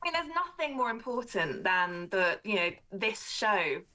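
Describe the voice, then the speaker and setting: A woman's voice: medium pitch, very animated, a little slow, bright, forceful tone. A woman, a showbiz journalist, joining from home over a video call, bubbly and giggly.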